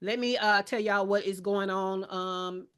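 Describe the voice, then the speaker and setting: A woman talks casually to her live audience, calling them y'all and mixing in slang. Her pitch sits in a middle range. She sounds like a business coach hosting her own show. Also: fairly even intonation, a little slow, clear, resonant tone. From Alabama. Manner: warm, chatty, Southern slang, addresses audience as y'all. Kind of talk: casual live-stream talk.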